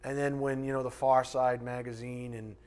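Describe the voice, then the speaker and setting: A man's voice: medium pitch, moderate pace. A man preaching a sermon who teaches from a board and slips into mocking voices for his asides. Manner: animated, mimics voices in asides. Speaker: pastor. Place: church or teaching room with a board.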